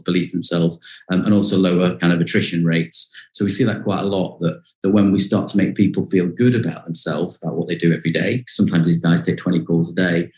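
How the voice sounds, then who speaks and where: A man's voice: low-pitched, darkish tone, roomy sound, rough recording. A man, a behavioral science consultant, talking through an example in a conversational interview, with many fillers and repeated words.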